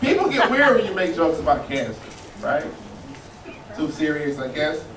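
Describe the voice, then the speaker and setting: A man's voice: on the high side, big pitch swings, normal speed. A man doing a stand-up comedy set, telling loose, profane stories that swing between somber and mocking. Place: comedy club stage with a live audience. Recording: roomy, distant live club recording with loud crowd noise.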